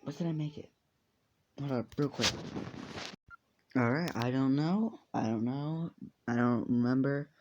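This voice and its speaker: A man's voice: medium pitch, unhurried, pauses often, highs cut off, noisy background. A man improvising a fan story aloud, rambling and swearing casually as he goes. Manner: rambling, profane, off-the-cuff.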